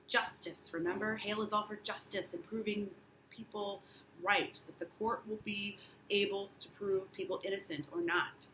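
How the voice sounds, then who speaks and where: A woman's voice: mid-range voice, moderate pace, echoey room, slight background noise, rough recording. A woman teacher reading a play aloud to her class, taking every part and breaking off to explain words. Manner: reads all the parts, rising and loud for shouted lines.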